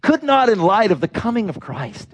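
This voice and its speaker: Lively, animated male preacher. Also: high-pitched, normal speed. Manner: animated, acts out quoted people, breaks into laughs. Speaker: pastor. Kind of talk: sermon storytelling.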